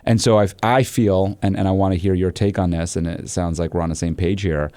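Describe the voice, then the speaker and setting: A man's voice: low voice, brisk, no room sound. A male podcast host, chatting casually and acting out funny stories with quoted dialogue. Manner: animated storyteller, acts out quoted dialogue. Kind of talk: casual storytelling chat.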